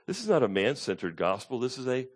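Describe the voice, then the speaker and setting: A preacher with big dynamic swings. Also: male voice, very animated, fast, slightly rough. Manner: swings from loud emphatic peaks to hushed low asides. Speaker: pastor. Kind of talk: expository sermon.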